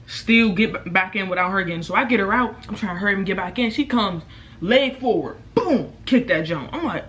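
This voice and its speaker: A young woman vlogger, telling a storytime in casual, profane talk, loudly acting out what people said. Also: medium pitch, a little fast. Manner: animated, profane, acts out quotes loudly. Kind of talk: casual storytime while eating.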